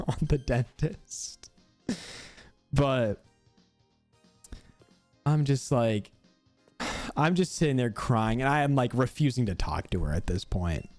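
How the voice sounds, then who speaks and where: A young man streaming, casually telling a story while gaming, animated and cursing freely with frequent laughter. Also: medium pitch, dry recording.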